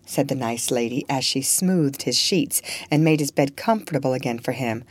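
Woman narrator, storybook reading, low voice, lively, dry close sound. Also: moderate pace, few pauses, no echo.

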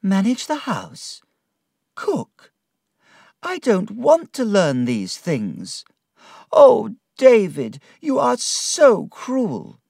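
A man voicing a childish, easily frightened young woman with a high, breathy, pleading voice in a storybook reading. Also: huge pitch swings, very slow, pauses often, a little mellow, no room sound, studio quality, full character voice. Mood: frightened, tearful.

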